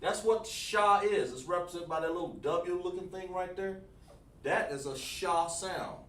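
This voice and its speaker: This man's voice is high-pitched and fairly bright, and he talks a little slowly. Teaching a language lesson on a livestream, he goes over things repeatedly in a coaching manner and invites the chat's feedback. The mic sits far off in an echoey room, and faint noise can be heard.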